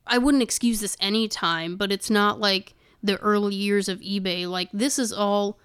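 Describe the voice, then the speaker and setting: A woman's voice: medium pitch, fairly even intonation, moderate pace, fairly bright tone, clean tone. Woman reading news with indignant asides. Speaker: podcast co-host. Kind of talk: casual chat, reading news excerpts aloud.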